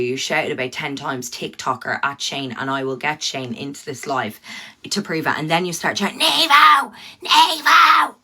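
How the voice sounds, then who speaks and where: Sweary Irish woman with a low, forceful voice. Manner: blunt and sweary, talking straight to her viewers. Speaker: livestreamer. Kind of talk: ranting livestream chat.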